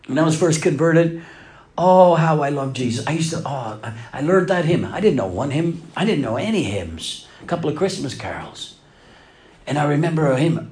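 A middle-aged pastor preaching a sermon, dropping to hushed lines and then swelling to loud, emphatic passages. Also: male voice, on the high side, lively intonation, moderate pace.

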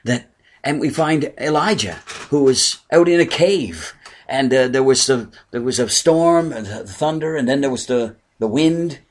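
A man delivers a sermon with a husky, breathy edge to his voice. He speaks with earnest conviction, lifting on key words and sinking to a near whisper on others. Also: medium pitch, animated, measured pace. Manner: earnest preaching, swelling and dropping to near whispers. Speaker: pastor.

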